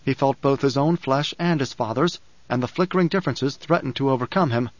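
Measured male audiobook narrator. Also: medium pitch, dry recording. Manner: measured, even storytelling. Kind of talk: scripted narration. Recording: dry, slightly dull studio recording.

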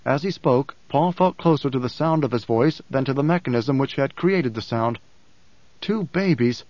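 Guy reading an audiobook, slow and deliberate, kinda muffled dry sound. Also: mid-range voice, lively intonation, a little mellow, no room sound. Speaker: narrator. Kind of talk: audiobook narration.

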